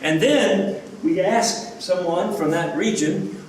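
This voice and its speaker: A man's voice: high voice, slow pace. A man preaching a sermon as pastor, earnest, asking his listeners rhetorical questions. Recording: echoey room, from a distance, faint background noise.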